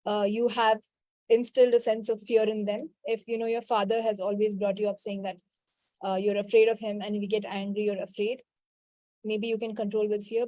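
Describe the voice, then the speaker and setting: A woman leads a spiritual coaching call, answering participants and repeating a quick clearing chant. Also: medium pitch, no echo. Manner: answers participants' questions directly, scolding gently. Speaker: healing call facilitator.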